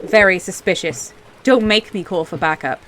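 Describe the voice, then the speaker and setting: A woman's voice: lowish voice, moderate pace, a bit bright, a little hiss or hum, pitched below the performer's own voice, lightly acted. A woman voicing a stern, suspicious female border guard in a game, barking orders and accusations. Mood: accusing.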